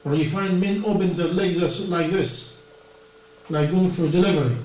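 High-voiced preacher in an echoey hall. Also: male voice, moderate pace, a little mellow. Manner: earnest, non-native English with plain grammar slips. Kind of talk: sermon. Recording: echoey distant room recording with mains hum.

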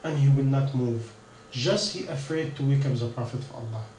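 A man telling a story in a sermon, earnest, with halting non-native English, often putting questions to his listeners. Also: mid-range voice, mellow, a little hiss or hum. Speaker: preacher. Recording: echoey room, mic at a distance.

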